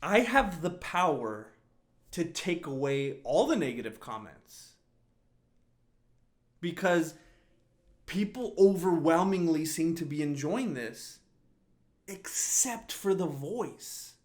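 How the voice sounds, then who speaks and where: A man's voice: a little high, very animated, takes it slowly, pauses often. A man hosting a casual solo podcast, rambling and often laughing as he restarts his sentences. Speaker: podcast host.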